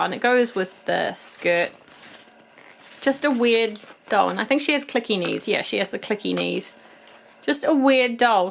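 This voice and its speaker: A fairly high-pitched, slightly bright voice belongs to a New Zealand woman in her thirties who runs a toy-collecting vlog. Showing off her finds in a relaxed haul video, she chats and rambles, dropping lots of ums.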